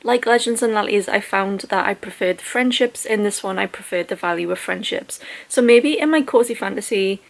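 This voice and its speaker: Woman vlogger, casual and self-deprecating book review talk. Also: medium pitch. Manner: chatty, self-deprecating, laughs often.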